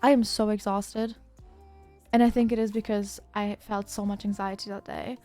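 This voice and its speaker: A woman's voice: mid-range voice, flat delivery, normal speed, warm tone, faint music behind. A woman livestreamer chatting casually, telling a rambling story with lots of fillers and restarts.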